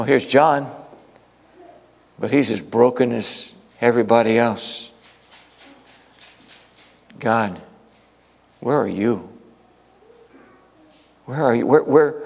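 A man preaching a sermon in a church, telling the story dramatically, his voice rising to urgent questions and sinking to hushed lines. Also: medium pitch. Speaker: pastor. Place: church sanctuary. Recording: long reverb from a large hall.

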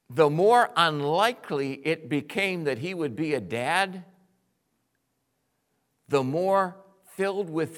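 A male pastor preaching a sermon, animated, swinging from quiet, intimate lines to loud, excited bursts. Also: fairly high pitch.

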